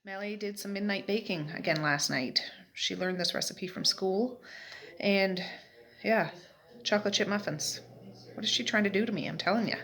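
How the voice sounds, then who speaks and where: A woman's voice: mid-range voice, moderate pace, a bit bright, faint music behind. Chatty middle-aged woman vlogging from home. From Nova Scotia, Canada. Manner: chatty, rambling storytelling with fillers. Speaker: vlogger, mother. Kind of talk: casual day-in-the-life chat. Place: at home, sitting in a rocking chair.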